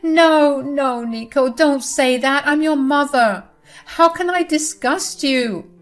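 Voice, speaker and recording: A woman's voice: high-pitched, takes it slowly, faint music behind, pitched above the performer's own voice. A woman voicing a whiny, scheming middle-aged mother-in-law who pleads through tears in a storybook narration. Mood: tearful pleading. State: crying.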